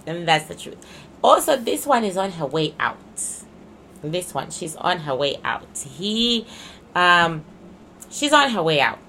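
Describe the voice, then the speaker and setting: A woman with a low-pitched but bright, forceful voice talks through a casual card reading. She speaks emphatically and keeps circling back to restate her points. A faint hiss sits under her voice. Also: sing-song, measured pace. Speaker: psychic reader.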